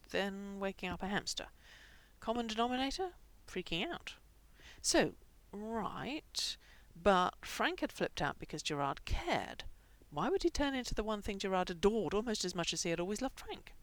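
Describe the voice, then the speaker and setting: A woman reading fan fiction aloud with expressive, animated narration. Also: mid-range voice. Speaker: reader.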